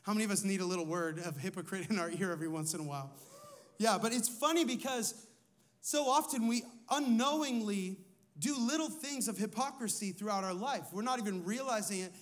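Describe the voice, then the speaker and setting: Speaking a little fast in a high-pitched voice, a man who serves as lead pastor gives a sermon. He keeps it conversational, questioning his listeners and recounting personal stories.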